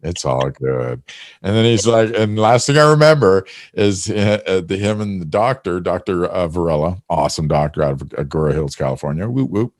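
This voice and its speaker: Hoarse deep-voiced man, dry sound. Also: a little fast, few pauses, no room sound. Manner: rambling storyteller with many fillers. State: hoarse after throat surgery. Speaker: podcast host. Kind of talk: casual chat.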